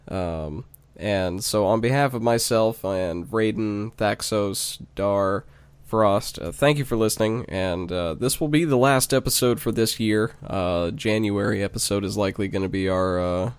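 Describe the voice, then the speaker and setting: A man hosting a casual club podcast, laid-back and halting, laughing often and filling pauses with "um" and "uh". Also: on the low side, clear, resonant tone, no room sound. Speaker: podcast host.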